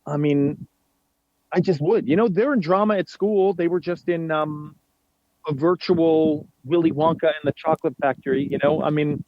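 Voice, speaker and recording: A man's voice: on the high side, dry recording, dull audio. A man in his forties from New York, chatting casually as a guest and telling stories with lots of fillers and restarts. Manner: animated storyteller, halting with fillers and restarts. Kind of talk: casual chat.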